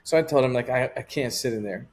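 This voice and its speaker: A man's voice: mid-range voice, fast. A man talking as an interview guest, telling a personal story in a candid, rambling way with lots of casual fillers.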